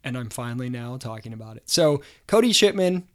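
Animated man telling an embarrassing story. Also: mid-range voice, fairly quick. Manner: animated, self-deprecating, many fillers. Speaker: host. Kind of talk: casual storytelling to camera.

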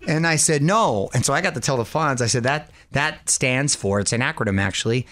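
A man's voice: medium pitch, brisk. A man co-hosting a radio show, telling family stories in casual chat with frequent laughter. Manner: laughing, animated storytelling.

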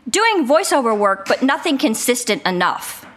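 A woman's voice: on the high side, moderate pace, slight background noise. A woman voice actor chatting as an interview guest from her living room, telling stories and acting out quotes. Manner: animated storyteller who acts out quotes. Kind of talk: casual interview chat. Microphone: remote home setup.

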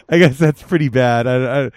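A man's voice: medium pitch, no room sound, studio quality. A man hosting a podcast in casual chat, rambling and giggling through crude jokes. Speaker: podcast host.

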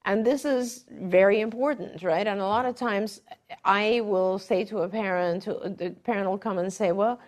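Middle-aged woman therapist explaining stuff, warm and reactive. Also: medium pitch, moderate pace. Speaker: behavior therapist. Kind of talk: conversational webinar chat.

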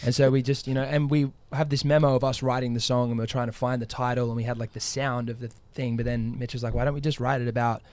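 A man's voice: mid-range voice, little pitch movement, fast, few pauses, a little mellow, dry recording. A man with an Australian accent, a guest musician in a casual interview, talking in a rambling, enthusiastic way with lots of fillers. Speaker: country music duo member, guest.

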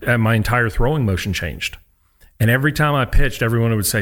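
Fast-talking man telling stories. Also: mid-range voice. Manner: animated storyteller who acts out quotes. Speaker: guest, former college pitcher. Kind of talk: casual storytelling.

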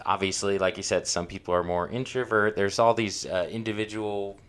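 A man with a very low voice hosts the conversation, reflecting slowly on what his guest said. He gropes for words with repeated fillers before turning it into a follow-up question. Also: fairly even intonation, a bit bright. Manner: thoughtful, hesitant, with many fillers. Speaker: podcast host. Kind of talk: interview question.

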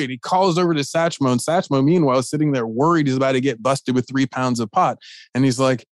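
Male podcast host, animated casual storyteller, dry studio sound. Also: medium pitch, brisk, dry recording. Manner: animated, acts out quoted voices.

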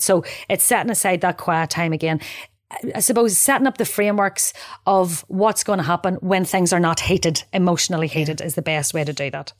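A middle-aged woman with a fairly low voice talks through parenting advice in a relaxed, chatty way. She slips into quick little voices for parents and kids as she explains. Her voice sounds close and dry, with no room echo. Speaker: podcast co-host discussing parenting. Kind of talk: casual explanatory chat.

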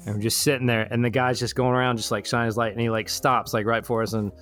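A man's voice: mid-range voice, quick pace, soft background music. Rambling young man telling a story. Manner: rambling, animated, acts out friends' lines. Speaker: storyteller in a truth-or-lie game. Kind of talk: casual storytelling among friends. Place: Florida.

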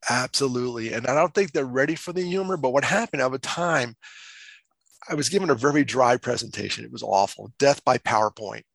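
Gravelly guy telling stories on a podcast, acts out quotes, dry close mic. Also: mid-range voice, fairly quick, a bit bright, no room sound. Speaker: guest speaker. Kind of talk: casual storytelling.

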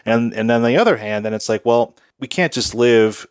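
A man co-hosts a casual podcast, talking in an easygoing, reflective way and hedging as he thinks aloud. His voice is fairly low. The sound is dry and close. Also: normal speed, few pauses, no echo. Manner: easygoing, reflective, many hedges and restarts. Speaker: podcast co-host.

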